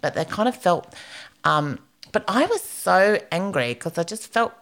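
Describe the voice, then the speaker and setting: A woman's voice: on the low side, sing-song, unhurried, fairly bright tone. A middle-aged Australian woman co-hosting a podcast, telling stories animatedly in casual chat and swearing freely. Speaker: podcast co-host.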